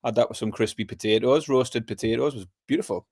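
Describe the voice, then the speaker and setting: Relaxed man telling stories on a podcast. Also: medium pitch, quick pace, slightly rough, no room sound, clean studio sound. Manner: relaxed, storytelling, says aye. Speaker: podcast co-host. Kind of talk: casual chat.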